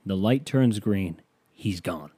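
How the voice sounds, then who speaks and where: A man hosting his own podcast, telling a story in a rambling, animated way with swearing and mocking outbursts. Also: deep voice, takes it slowly, husky, no echo. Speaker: podcast host. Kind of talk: casual solo storytelling. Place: home near an airport.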